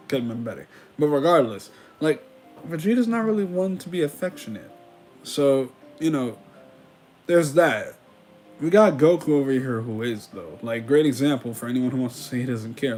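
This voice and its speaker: A man's voice: medium pitch, animated, fairly quick, faint music behind. A man giving casual commentary on an anime, retelling scenes in slangy paraphrased quotes. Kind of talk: casual commentary with recapped dialogue.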